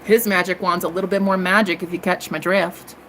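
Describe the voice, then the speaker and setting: An American woman telling a story in a casual monologue, sassy and cheeky, calling listeners honey and girl, swooping up into high exclamations. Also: fairly even intonation, a little fast, a bit bright, slight background noise. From United States. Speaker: tarot reader and live streamer.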